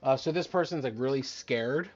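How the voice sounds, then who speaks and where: A man's voice: medium pitch, normal speed, a little mellow, highs cut off. A man narrating as game master of a tabletop game, hesitant and full of fillers.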